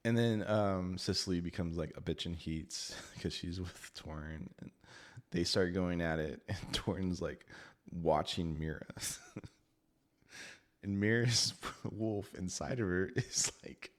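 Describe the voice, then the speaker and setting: A man's voice: low voice, a little slow. A man casually reviewing a book, chatty and laughing often as he talks.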